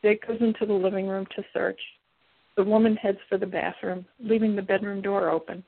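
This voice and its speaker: A woman reading a paranormal romance novel aloud in a steady, even way. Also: medium pitch, brisk, gravelly, breathy edge. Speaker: audiobook reader. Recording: tinny phone-like, dry.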